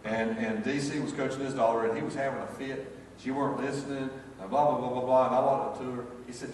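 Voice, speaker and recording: A man's voice: mid-range voice, steady tone, fast talker, a little mellow, a little hiss or hum. An older man with a Southern American accent preaching a folksy sermon full of personal stories, with rambling restarts. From North Carolina, USA. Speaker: pastor. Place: church sanctuary. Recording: echoey church hall, mic far off, faint ambience.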